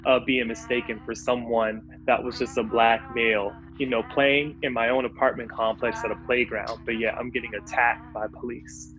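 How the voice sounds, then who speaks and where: Sober quiet personal testimony. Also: medium pitch, flat delivery, normal speed, few pauses, highs cut off, faint music behind.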